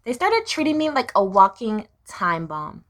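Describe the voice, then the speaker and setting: A woman's voice: mid-range voice, big pitch swings, measured pace, a bit bright. A young woman telling her life story to the camera in a blunt, profane way, now and then squealing her inner voice. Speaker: vlogger.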